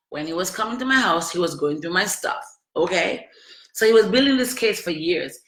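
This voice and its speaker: A woman's voice: on the low side, lively intonation, normal speed, fairly bright tone. Emphatic, chatty woman in an echoey room. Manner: emphatic, repetitive, chatty storytelling. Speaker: vlogger telling her own story. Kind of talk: emotional personal testimony to camera.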